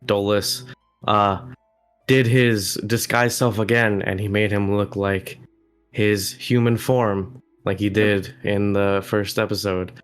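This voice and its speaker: A man's voice: fairly low pitch, fairly even intonation, slow, clear, resonant tone, soft background music. A man playing a tabletop game, describing his character's actions hesitantly with many fillers. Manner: hesitant, lots of "like" and "um". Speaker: player.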